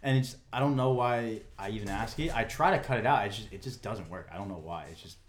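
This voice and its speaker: Fast-talking young man in an echoey room. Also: fairly low pitch. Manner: rambling, fast, laughs often. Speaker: podcast host. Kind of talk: casual chat.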